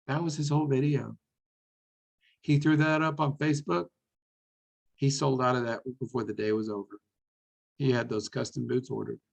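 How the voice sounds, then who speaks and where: A man presenting a business webinar, animated and enthusiastic, often repeating words as he talks. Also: medium pitch, normal speed, gravelly, long pauses, poor audio.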